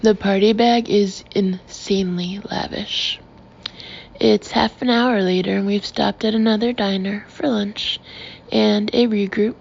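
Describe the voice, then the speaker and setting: A woman's voice: medium pitch, steady tone, unhurried, vocal fry, a little mellow, husky. A woman reading an audiobook aloud, narrating and giving the characters' dialogue light voice shading. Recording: slightly dull, faintly noisy audio.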